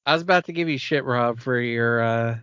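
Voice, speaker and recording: A man co-hosting a podcast in relaxed casual chat, laughing often. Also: mid-range voice, brisk, clear, resonant tone, no echo. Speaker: podcast co-host. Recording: dull lo-fi podcast audio.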